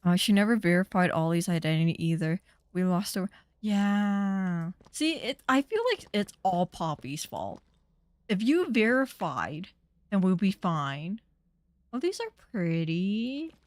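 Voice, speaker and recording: A woman's voice: on the low side, big pitch swings, unhurried, dry recording. Young woman, game streamer, chatty, indignant, rambling, dry close mic. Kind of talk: casual gaming commentary.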